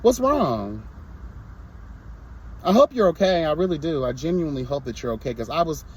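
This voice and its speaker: A man's voice: a little high, very animated, normal speed, darkish tone, husky. A young man reviewing a reality show in a casual vlog, sassy and blunt, breaking into mocking impressions.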